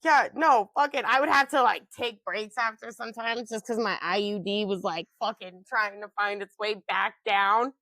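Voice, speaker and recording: A woman in her twenties co-hosting a podcast, telling stories in a loud, boisterous way with lots of swearing and laughter. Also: medium pitch, fairly even intonation, moderate pace, few pauses, dry recording. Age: 20s. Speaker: podcast co-host. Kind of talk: casual chat.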